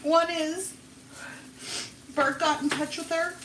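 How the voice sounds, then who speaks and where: A woman vlogger telling a personal story on a live stream in an emotional, rambling, halting way. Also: extremely high pitch, fairly even intonation, noisy background. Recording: echoey, from far off the mic.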